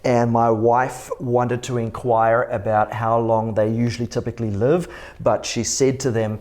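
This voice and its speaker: A man's voice: mid-range voice, little pitch movement, unhurried, darkish tone. Man telling stories with chuckles. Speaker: church podcast co-host. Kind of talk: casual conversation.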